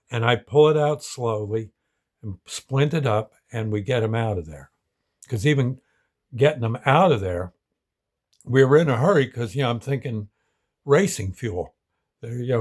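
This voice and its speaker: A middle-aged man, casually telling a story from his ambulance work in a folksy, halting way. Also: mid-range voice, darkish tone, husky. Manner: folksy, halting, full of restarts. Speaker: show host telling an ambulance call story.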